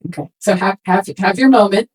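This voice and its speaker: A woman speaking to a room of swimming parents in a casual, animated way, acting out quoted remarks as she goes. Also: medium pitch, brisk, slightly rough, poor audio. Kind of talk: talk to a parents' session.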